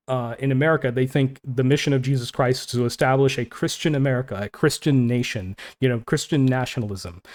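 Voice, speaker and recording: A man's voice: medium pitch, darkish tone. Impassioned man giving casual commentary. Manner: passionate, informal, interjects with "man" and "dude". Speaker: online Christian commentator. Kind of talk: casual commentary, reading quotes aloud.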